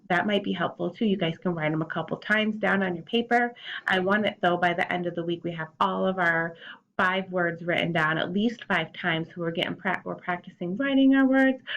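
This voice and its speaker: A woman teacher with a gravelly edge talks young children through a phonics lesson, stretching out each sound and spelling. The audio is dull and lo-fi, like a home recording. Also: lowish voice. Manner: slow, drawn-out word sounding and spelling.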